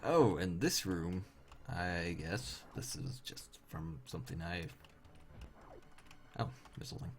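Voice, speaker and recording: This low, creaky voice belongs to a weary young man who talks slowly and animatedly, pausing often as he streams a game. He's wry and chatty, addressing chat viewers while faint game music plays behind him.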